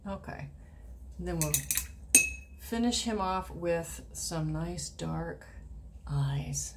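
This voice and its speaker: A woman giving a casual watercolor painting tutorial, chatting and thinking aloud, and often dropping into soft murmurs as she paints. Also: on the low side, animated, slow pace, very noisy. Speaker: watercolor instructor.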